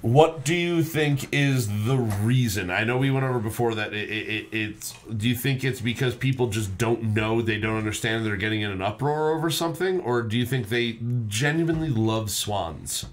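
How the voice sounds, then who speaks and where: A man's voice: medium pitch, moderate pace, hardly any pauses, slight background noise. A man hosting a podcast in casual chat, a rambling storyteller who swears freely. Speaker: podcast host.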